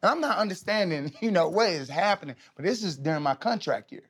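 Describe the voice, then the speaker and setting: A man in his thirties, a podcast guest, telling stories in a casual, animated, slangy way, often laughing. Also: high voice, quick pace, husky. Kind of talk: casual storytelling.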